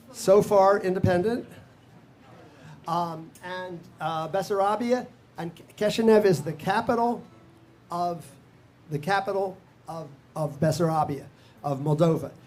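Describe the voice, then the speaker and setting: A man's voice: sits high, measured pace, pauses often, a little mellow. An older man leading a live music workshop. He talks casually, sings melodies in nonsense syllables, counts the players in and laughs often. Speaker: workshop leader.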